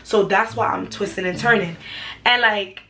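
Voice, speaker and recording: A young woman, telling a personal story for her vlog in an animated, slangy way. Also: mid-range voice, moderate pace, creaky, slight background noise. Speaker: vlogger.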